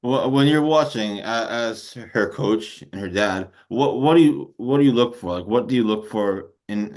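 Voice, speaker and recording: A man hosting a podcast and asking questions in a halting way, repeating words as he goes. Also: on the low side. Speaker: podcast host. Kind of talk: interview questions.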